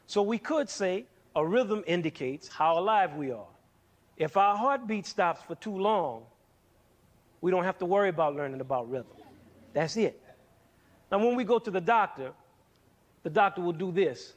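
A man's voice: sits high, animated, normal speed, long pauses. A middle-aged man presenting a music lesson for young people, asking questions and answering them himself, with counting and sound demonstrations. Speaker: music educator hosting a TV series.

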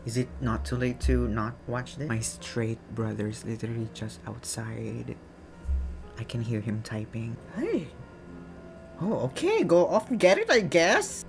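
A woman giving animated late-night movie reaction commentary at home, giggling and breaking into dramatic outbursts. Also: extremely low pitch, unhurried, gravelly. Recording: film music playing under the voice. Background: movie soundtrack music.

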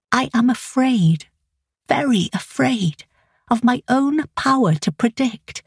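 A woman reading a first-person novel as an audiobook narrator, in an intimate, anxious and measured way. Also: sits high, husky, no echo, studio quality.

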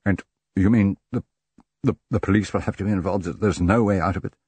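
Shaken young gent, frantic and stammering, read by a male narrator, dry and husky. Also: deep voice, a little mellow, no echo. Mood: anxious. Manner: unsteady, halting, frantic.

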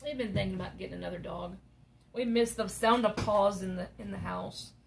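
A woman's voice: mid-range voice, brisk, gravelly, a little hiss or hum. A woman, chatting casually and rambling through stories as she crafts. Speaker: crafting vlogger. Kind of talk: casual chat while crafting.

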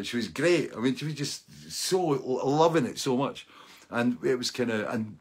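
A middle-aged man hosting a live-streamed show, telling a rambling, animated anecdote with frequent laughs and asides. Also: mid-range voice, moderate pace, husky. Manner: rambling and animated, laughing often and tagging lines with "right?". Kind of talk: casual anecdotal storytelling.

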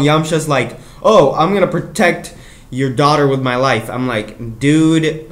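A man giving a rambling, excitable casual review of an anime episode, laughing often and mimicking characters. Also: medium pitch, roomy sound.

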